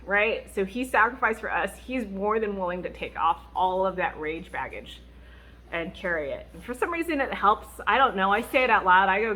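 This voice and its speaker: A woman speaking as a Christian mom vlogger, giving candid, faith-based advice in a chatty, expressive way, often laughing and acting out what people said. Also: medium pitch, moderate pace.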